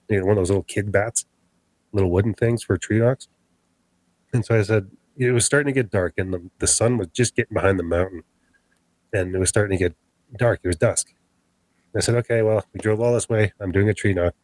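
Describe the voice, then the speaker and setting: A man's voice: lowish voice, no room sound, low-quality recording. A man telling a tense story of his own encounter as a podcast guest, acting out the voices of what was said. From Canada. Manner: animated, acts out quoted dialogue.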